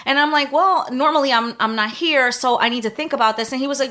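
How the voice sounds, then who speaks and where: A woman co-hosting a podcast, telling a story in casual chat and acting out both sides of it with animated voices. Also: high-pitched, fast, few pauses. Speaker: podcast co-host.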